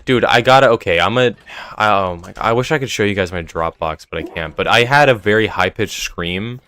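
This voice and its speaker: Young guy streaming, really deep voice, sore throat, rambly chat with viewers. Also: a little fast, a bit bright. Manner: rambling, talks to chat between game tasks. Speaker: live streamer. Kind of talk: casual live-stream chat while gaming. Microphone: desk mic with noise gate.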